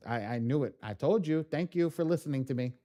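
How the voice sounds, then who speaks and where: Animated, profane male trainer. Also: mid-range voice, a little fast. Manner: animated, swears freely, restarts sentences. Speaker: trainer hosting a live class. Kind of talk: casual live-stream storytelling.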